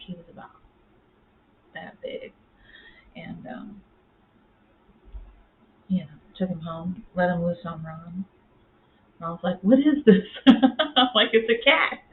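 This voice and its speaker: A woman chatting casually in a home vlog, rambling with lots of fillers and cooing at her cats in baby talk. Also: fairly low pitch. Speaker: vlogger. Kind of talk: casual chat. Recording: tinny phone-like audio with faint noise.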